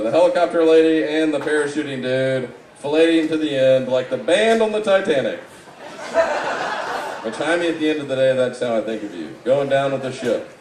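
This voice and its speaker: A man's voice: a little high, noisy background. Mocking man roasting from a distant mic. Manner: mocking, rambling, shifts into loud outbursts. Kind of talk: live stand-up roast set. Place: live event room. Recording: echoey room, distant mic, audible background.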